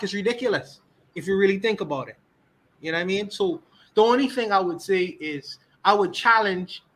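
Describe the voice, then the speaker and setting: Emphatic Bahamian man, high voice. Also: pushed and bright, poor audio. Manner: emphatic, repeats key words for stress. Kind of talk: livestream podcast talk.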